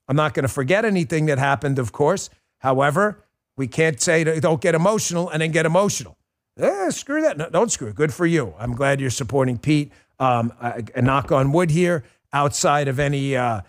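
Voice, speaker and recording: A middle-aged man hosting a political talk show, ranting bluntly and piling up insults in quick emphatic lists. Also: fairly high pitch. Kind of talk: heated political commentary.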